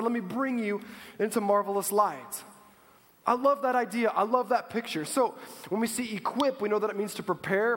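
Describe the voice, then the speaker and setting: A man's voice: high-pitched, a bit bright. A male pastor preaching a sermon in a church, emphatic and calling out to the congregation for responses. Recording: long hall reverb.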